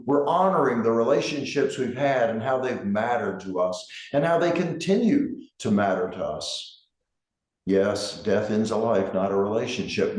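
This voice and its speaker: A middle-aged man, a grief counselor, giving a gentle, measured reflective talk with emphasis on key words. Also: mid-range voice. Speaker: grief counselor and center director. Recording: roomy echo.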